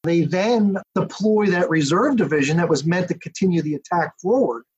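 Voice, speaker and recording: A man, an author and historian, giving a detailed, steady account as a podcast interview guest. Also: high voice, moderate pace, slight background noise. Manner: detailed, steady storytelling with asides. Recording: dull lo-fi audio.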